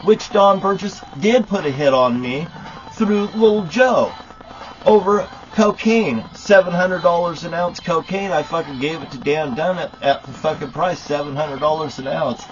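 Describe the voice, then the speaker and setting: A man delivering a profane, accusatory rant to camera outdoors, sometimes shouting. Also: on the high side, moderate pace, highs cut off. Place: outdoors at a rock landmark.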